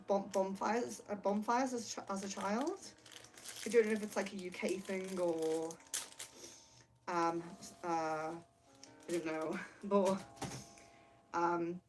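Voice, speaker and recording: A woman hosting a spiritual livestream from her room, giggly and excitable, laughing often, speaking to a camera set far across the room. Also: medium pitch, a little hiss or hum. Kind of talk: casual livestream chat. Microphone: camera mic from across the room.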